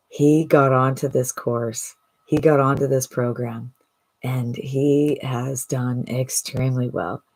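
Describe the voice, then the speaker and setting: A woman's voice: a bass voice, a little mellow. A woman coaching online marketing in a motivational vlog, keen and full of rhetorical questions. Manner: enthusiastic, rhetorical questions, pep talk.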